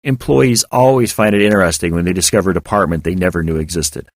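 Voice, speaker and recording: A man narrating first-person fiction in a measured, reflective storytelling manner. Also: deep voice, no room sound.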